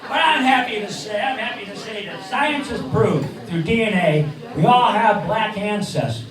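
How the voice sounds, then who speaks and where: A man in his sixties from Cleveland, Ohio, performs stand-up comedy and a ventriloquist act on a neighborhood bar stage, joking with rambling punchlines. His voice sits high, and he speaks at a moderate pace. The mic is distant, with echo from the bar and a crowd audible.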